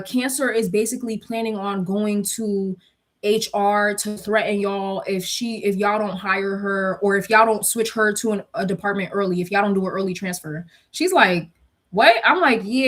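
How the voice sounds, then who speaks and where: A young woman telling her viewers a workplace story in a casual, gossipy way, acting out what everyone said. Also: medium pitch. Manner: gossipy, animated retelling with quoted dialogue and bursts of laughter.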